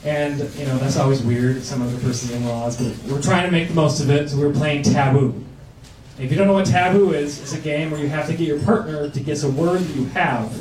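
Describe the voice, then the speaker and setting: A man performing a stand-up comedy set on a club stage, telling stories with animated acted-out voices over audience laughter. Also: a little high, brisk, a little hiss or hum. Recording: roomy live club sound from a distance.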